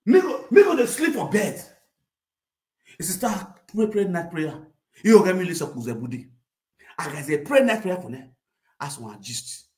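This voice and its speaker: A man with a Nigerian accent telling a comic rant, animated, mixing Pidgin and local languages and bursting into shouts. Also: sits high. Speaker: comedic storyteller. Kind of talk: comic rant sharing gossip. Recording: roomy echo.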